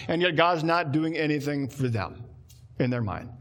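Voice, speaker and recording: A man preaching a sermon, animated and acting out quoted complaints in a lower voice. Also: moderate pace. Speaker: pastor.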